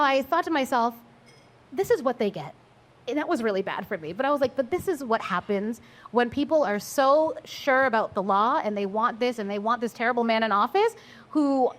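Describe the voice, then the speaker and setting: Woman, abortion doula on a live panel, slightly high-pitched, blunt and profane, laughs easily. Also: fairly bright tone. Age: adult, mother of four. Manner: blunt, swears freely, laughs while telling stories. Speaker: abortion doula and maternal health advocate. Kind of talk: candid live panel talk. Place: live event at a coffee house.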